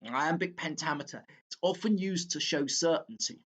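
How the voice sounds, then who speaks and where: A man teaching a literature exam walkthrough, talking slowly and haltingly, with fillers and self-corrections as he works through a poem. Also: a little high, a bit bright, lo-fi sound.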